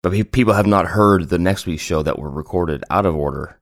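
A man with a very low, early-morning voice hosts a casual podcast chat. He jokes and teases his co-host. The recording is close and dry, with no room sound. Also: a little fast, no room sound. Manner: joking, teasing banter.

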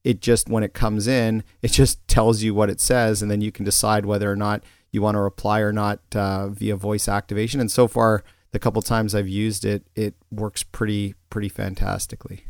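A man's voice: on the low side, little pitch movement, moderate pace, few pauses, clear, resonant tone, no echo, clean studio sound. A man co-hosting a podcast in casual chat, rambling with many restarts and fillers. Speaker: podcast co-host.

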